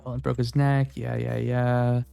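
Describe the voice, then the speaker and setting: Playing through a video game on stream, a man reads the text out loud and reacts emotionally, cursing and swinging between mutters and outbursts in casual let's-play commentary. His medium-pitched voice is a little slow and mellow, with little pitch movement, vocal fry, and a clean tone. Faint music plays behind him.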